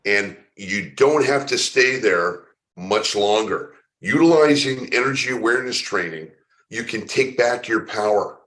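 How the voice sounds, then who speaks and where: A man's voice: fairly low pitch, unhurried, a bit bright. A man from San Francisco, a spiritual coach being interviewed, telling his story in an earnest way and often repeating words as he starts his sentences. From San Francisco, United States. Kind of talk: conversational interview.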